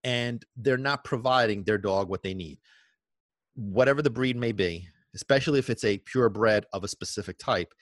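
A man's voice: on the low side, moderate pace, no echo. Emphatic man, dry close sound. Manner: emphatic, repeats "okay?" and rhetorical questions. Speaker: dog trainer, podcast host. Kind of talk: podcast monologue.

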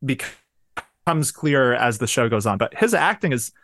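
A man's voice: mid-range voice, very animated, unhurried, a bit bright, slight background noise. A man co-hosting a pop culture podcast, talking in an easygoing, enthusiastic way with frequent filler ums. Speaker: podcast co-host. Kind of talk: casual chat.

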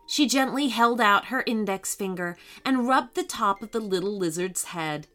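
A woman reading a children's story aloud in a gentle, expressive way. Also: mid-range voice, normal speed, hardly any pauses, faint music behind.

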